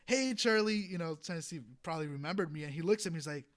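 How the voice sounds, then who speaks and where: A young adult man, a trumpet player, telling a story as a podcast guest in a rambling, animated way, laughing often and filling with "you know". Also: fairly high pitch, racing. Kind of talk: casual storytelling in a podcast interview.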